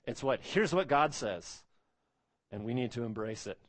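A man's voice: mid-range voice, expressive, normal speed. A man preaching an expository sermon as pastor, earnest and emphatic, repeating phrases and stretching out key words.

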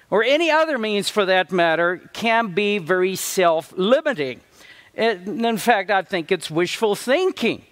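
A man from Africa, a visiting pastor, preaching a sermon with lively storytelling and acted-out quotes of church members. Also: high voice, unhurried. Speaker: guest pastor.

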